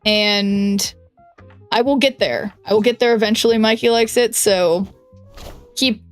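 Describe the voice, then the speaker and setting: Young woman chatting on stream while she plays, lots of likes and restarts, medium pitch, faint music under her. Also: fairly even intonation, a little slow, smooth. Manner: chatty, thinks aloud, many "like"s and restarts. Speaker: game streamer. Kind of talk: casual stream chat while playing a card game.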